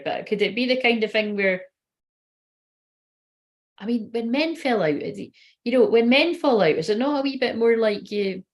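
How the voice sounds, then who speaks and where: A woman, a tarot reader and medium giving a casual, rambling live-stream reading and swearing now and then. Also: medium pitch.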